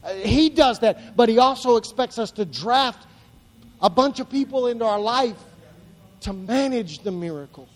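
Male pastor, very high voice, emphatic preaching with repetition, long hall reverb. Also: lively intonation, normal speed. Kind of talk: sermon. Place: church.

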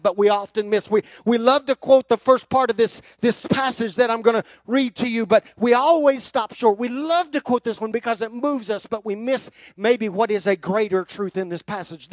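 High-pitched guy preaching, emphatic, pushes hard on the big lines, dry sound. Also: dry recording. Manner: emphatic preaching with rising, forceful runs. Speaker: pastor. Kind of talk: sermon.

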